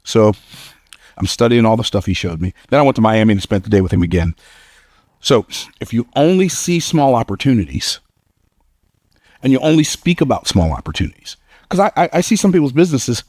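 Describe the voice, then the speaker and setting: A man's voice: mid-range voice, sing-song, brisk, long pauses, a little mellow, no room sound, studio quality. A man giving a motivational speech to a live audience, telling stories in an emphatic, conversational way and laughing at his own lines. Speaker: motivational speaker.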